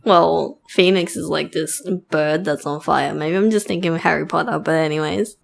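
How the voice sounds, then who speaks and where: Giggly woman with a gravelly low voice. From Australia. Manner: giggly, quick to laugh. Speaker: podcast co-host. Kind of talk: casual chat.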